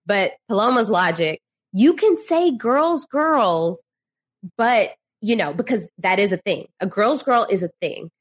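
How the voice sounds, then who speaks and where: A woman's voice: mid-range voice, lively intonation, unhurried. A woman co-hosting a podcast, chatting casually with frequent laughter and exasperated remarks. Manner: laughs often, exasperated commentary. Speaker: podcast co-host. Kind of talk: casual recap chat.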